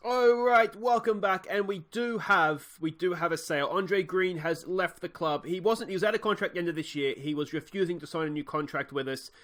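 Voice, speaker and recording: Brief: young Australian man, slightly high voice, let's-play commentary, rambling and frustrated. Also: a little fast, hardly any pauses, a bit bright. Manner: frustrated, rambling, many restarts and fillers. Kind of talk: game commentary.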